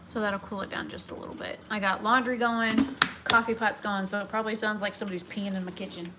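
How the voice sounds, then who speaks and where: A young vlogger talks fast in a medium-pitched, steady voice while casually live-streaming from her home kitchen. Her talk rambles into tangents, and background noise comes through clearly in this home recording.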